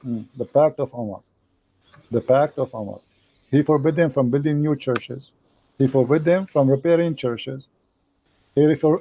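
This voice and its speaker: Insistent man with broken English, mellow voice. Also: fairly high pitch. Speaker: debate host. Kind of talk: live online debate.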